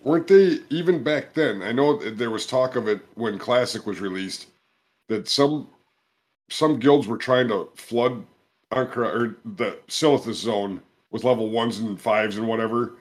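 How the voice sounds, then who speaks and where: A laid-back man hosting a casual podcast chat, chuckling often. His voice sits in an ordinary middle range. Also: mid-range voice. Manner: laid-back, laughs often, quick agreements. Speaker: podcast host.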